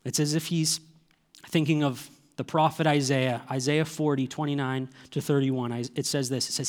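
A man's voice: medium pitch, steady tone, normal speed, darkish tone. A man, preaching a sermon earnestly and asking the listeners rhetorical questions. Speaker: pastor.

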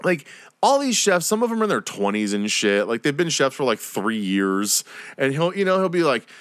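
A young man rants through a solo podcast, rambling and swearing freely and laughing at his own jokes. His voice sits at an ordinary middle pitch, recorded dry and close with no room sound. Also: big pitch swings, a little fast, fairly bright tone, no echo. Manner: profane, rambling, laughs often, mocking voices. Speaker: podcast host.

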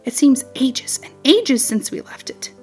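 A woman reading a children's story, voicing a fussy, sharp-tongued female wren with a tart, scolding, chattering manner. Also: sits high, big pitch swings, measured pace, husky, faint music behind, heavily acted.

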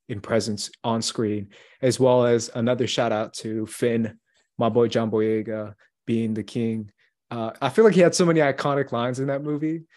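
A man's voice: medium pitch, darkish tone. A young man co-hosting a casual movie podcast, enthusiastic and laughing easily as he counts down his list. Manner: enthusiastic, ranking films with a laugh. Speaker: podcast co-host.

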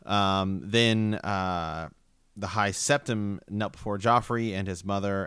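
A man co-hosting a podcast, reading a book aloud haltingly with fillers and stumbles. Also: fairly low pitch, fairly even intonation, fairly bright tone, smooth, dry recording, studio quality. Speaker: podcast co-host.

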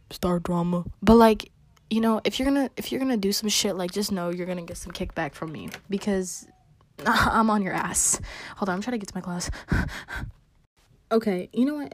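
A woman in a sassy, foul-mouthed vlog rant, rambling from one grievance to the next and slipping into quick whispers. Her voice sits at an everyday middle pitch. The sound is close and dry, with no room around it. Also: darkish tone, no room sound. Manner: profane, rambling, with sudden whispered asides; sassy, scolding an absent target. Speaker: vlogger. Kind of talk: casual rant.

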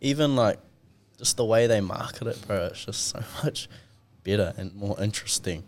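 A man's voice: on the low side, normal speed, a little hiss or hum. A young man telling stories in a casual podcast chat, rambling and slangy, throwing in "bro" a lot. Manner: relaxed, rambling storyteller, slangy, calls people "bro".

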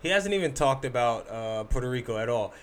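A man in casual podcast chat, telling stories in a slangy, animated way. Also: medium pitch, brisk, slight background noise.

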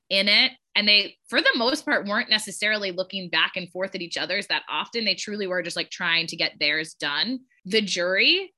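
A woman co-hosting a casual group chat about a reality show, animated and swearing casually as she acts out her reactions, heard over a video call. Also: mid-range voice. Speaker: podcast co-host.

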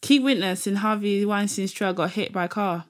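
Young woman co-host, casual podcast banter, laughs often, mid-pitched. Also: normal speed. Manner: laughs often, chatty and animated, reads news items aloud. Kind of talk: casual chat.

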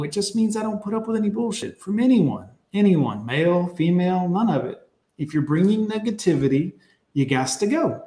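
Male streamer, blunt and profane, preachy, a bit high-pitched, echoey room. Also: darkish tone. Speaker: streamer reacting to clips and chat. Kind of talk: casual live-stream commentary.

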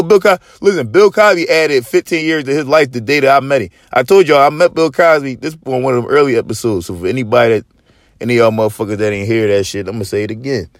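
A man in his thirties or forties hosts a podcast and spins a story in loose, profane talk, swaggering and animated. His voice sits at an ordinary middle pitch. It is recorded dry and close, with no room sound. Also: no echo. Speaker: podcast host. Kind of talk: casual storytelling chat.

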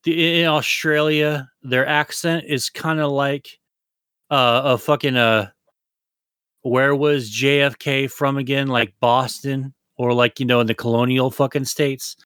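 A man's voice: medium pitch, little pitch movement, unhurried, a bit bright, smooth, dry recording, clean studio sound. A man co-hosting a podcast, rambling loosely with lots of swearing and jokes. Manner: rambling, profane, loose and jokey. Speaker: podcast co-host. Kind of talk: casual podcast chat.

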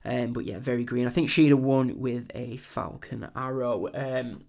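A man's voice: mid-range voice, fairly even intonation, moderate pace, vocal fry, a little mellow. A young English man hosting a wrestling podcast, recapping a show in a chatty, rambling way with lots of ums. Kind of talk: casual show review.

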